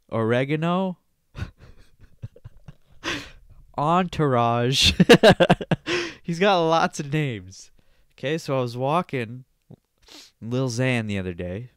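A man's voice: mid-range voice, clear, resonant tone, no echo. A young man hosting a casual solo podcast from Canada, rambling and joking, swearing freely and sniffling now and then, on a close desk microphone. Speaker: podcast host.

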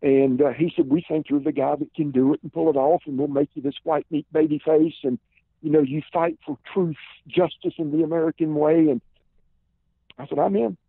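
Gravelly Southern man on a phone line. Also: on the high side, moderate pace, no echo. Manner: relaxed storyteller, many "uh" and "and" fillers. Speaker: podcast guest, former pro wrestler. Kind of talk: casual storytelling interview. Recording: tinny phone-line sound, dry.

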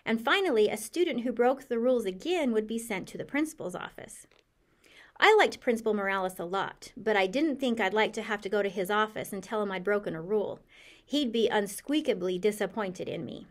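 A woman reading a children's chapter book aloud in the voice of a cheerful, curious hamster narrator, with a lively, expressive delivery. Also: medium pitch, brisk. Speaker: audiobook reader. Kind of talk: storybook narration.

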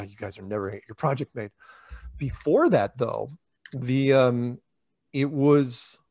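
A man telling stories in an interview, rambling and animated, often acting out conversations and losing his thread. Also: mid-range voice, no echo, studio quality. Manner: animated, rambling, acts out quoted dialogue. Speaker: interviewee, flat earth public speaker. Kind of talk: casual storytelling interview.

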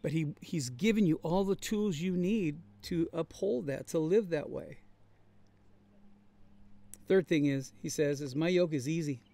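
A man with a fairly high voice preaches to his congregation. He talks in an earnest, conversational way and leans on repetition to make his points land. His tone stays steady and plain throughout the sermon. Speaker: pastor. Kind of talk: sermon-style Bible study. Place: traveling, on the road.

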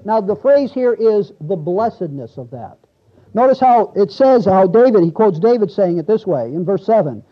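High-voiced preacher in a dull lo-fi recording. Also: male voice. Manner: conversational, asks the congregation questions, reads scripture aloud. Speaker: pastor. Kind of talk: expository sermon. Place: church.

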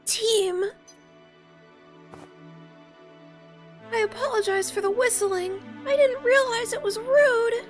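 A woman voicing a timid, earnest young boy soldier in a high, childlike voice, reading game dialogue aloud. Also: a little slow. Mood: shy. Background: faint game music.

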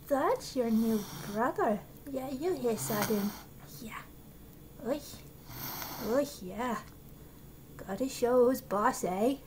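A woman coos to her cats in high, sing-song baby talk that swoops up and down, her words unhurried. She films on a handheld camera at home, and a clear hiss of background noise runs under her voice. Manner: cooing baby talk to animals. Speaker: cat owner filming at home. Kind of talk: casual home video, talking to pets. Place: home indoors.

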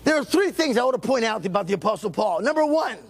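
Old preacher man, late 70s, fired-up sermon, gravelly and breathy, shouts and repeats himself. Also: extremely high pitch, sing-song, quick pace. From Texas. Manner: fervent preaching, repeats phrases, often shouts. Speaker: pastor. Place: church sanctuary.

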